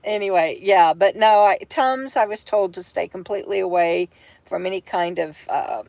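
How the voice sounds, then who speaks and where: A tired, brain-foggy woman, chatting on a home livestream from bed, halting and full of fillers and restarts as she reads viewer comments. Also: medium pitch, vocal fry, a little mellow, dry recording. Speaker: vlogger hosting a livestream. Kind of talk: rambling livestream chat.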